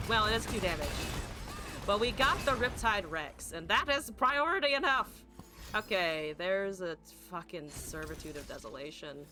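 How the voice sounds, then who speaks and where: A woman's voice: medium pitch, animated, normal speed, over music. A woman streamer thinking aloud through a card game, swearing freely and chatting to her viewers. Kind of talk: live gameplay commentary.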